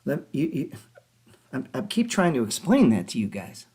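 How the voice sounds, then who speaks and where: Brief: male host, mid-pitched, heated casual rant, swears a lot, sarcastic rhetorical questions. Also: sing-song, dark tone. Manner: profane, mocking, rapid rhetorical questions. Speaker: trading show host.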